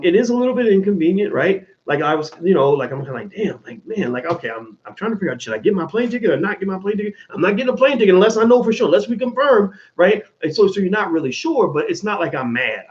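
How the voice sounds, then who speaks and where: A man with a somewhat high voice talks straight to his viewers, animated and blunt, swearing freely and restarting his sentences. The sound is dull and lo-fi. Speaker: host answering viewer questions. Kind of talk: casual monologue.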